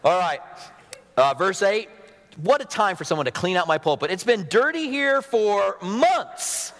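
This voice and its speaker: Man, pastor, sniffly cold, fairly high voice, earnest and conversational, long hall reverb. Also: lively intonation, unhurried, a bit bright. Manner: earnest, conversational preaching with humor and asides. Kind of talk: sermon. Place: church sanctuary at a pulpit.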